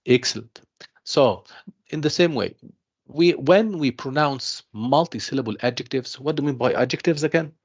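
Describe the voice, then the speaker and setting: Gravelly tutor teaching English. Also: male voice, medium pitch. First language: Arabic. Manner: slow, repeats himself, calls students "dear students", mixes in Arabic explanations. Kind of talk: online class lecture. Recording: dull lo-fi online class audio.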